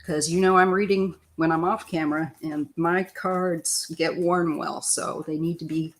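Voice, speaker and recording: Older lady from missouri doing a live tarot stream, rambly and chatty, keeps clearing her throat. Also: on the low side, steady tone, measured pace. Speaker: tarot reader.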